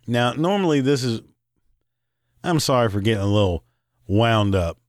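A podcast host rants angrily, swearing nonstop, wandering into rambling asides and breaking into short laughs. His voice is medium-pitched and expressive at a moderate pace, recorded cleanly in a studio with no echo.

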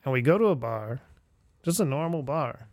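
A man's voice: medium pitch, moderate pace, dry recording. A middle-aged man telling old travel stories in a casual conversation, acting out the voices of the people he quotes and using lots of "like" fillers. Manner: animated storyteller who acts out quoted voices, many "like" fillers. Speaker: podcast guest or host recalling old travels. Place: indoor room shared with a friend.

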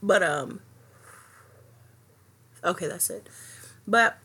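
A woman's voice: fairly low pitch, very animated, drawn-out words, gravelly, bright, forceful tone, breathy edge. A woman hosting her own podcast, talking alone in a passionate, profane rant that rambles with many fillers and restarts. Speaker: podcast host. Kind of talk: solo podcast monologue.

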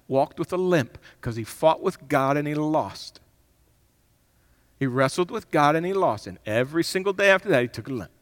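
A man delivering a sermon with a slightly raised, bright, ringing voice whose pitch rises and falls widely. He shifts between forceful, emphatic bursts and quiet, reflective passages. The sound carries the long reverb of a large hall. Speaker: pastor.

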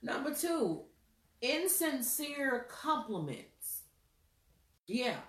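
A woman, hosting a casual chat, laughing often and telling stories with lively impressions of people. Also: drawn-out words. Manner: animated, laughs often, mimics people in high voices. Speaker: host. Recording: roomy, a bit far from mic.

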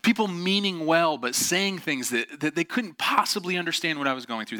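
A middle-aged man preaching a sermon with a bright, forceful voice. He tells his story candidly, with self-deprecating asides and plenty of ums. The sound is dry and close. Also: fairly high pitch, no echo. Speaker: pastor.

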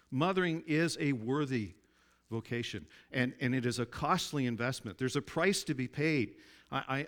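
Here a man gives a sermon as a pastor, keeping it conversational. He keeps inviting his listeners to agree, and when he wants to stress something, his voice goes low and soft.

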